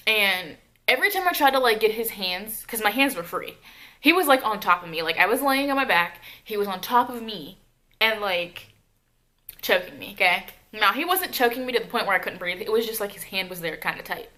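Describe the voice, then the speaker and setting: Young woman vlogger, bright tone, casual profane storytime delivery. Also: medium pitch, a little fast. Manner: profane, animated retelling with asides.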